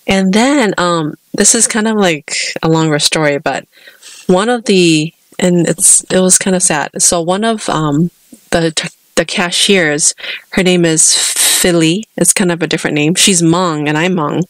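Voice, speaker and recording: An American woman in her thirties co-hosts a podcast, spinning a long personal story in casual conversation. Her voice is on the low side and a little slow, recorded without echo, and she restarts her sentences often.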